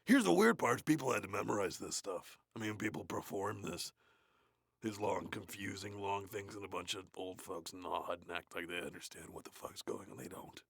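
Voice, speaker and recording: A bored cartoon death metal frontman with a sore throat, reading in a low, heavily gravelly growl. His voice is husky yet has a hard, forceful edge. He mumbles crude, swearing asides and sounds close and dry. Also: normal speed, dry recording, heavily acted. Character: gruff, grumbling male death metal frontman. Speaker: reader of a play. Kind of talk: comedic in-character reading.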